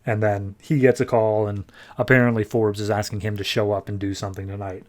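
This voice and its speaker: A man's voice: on the low side, little pitch movement, brisk. A man hosting a podcast, retelling comic book plots in a casual, chatty way full of fillers. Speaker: podcast host.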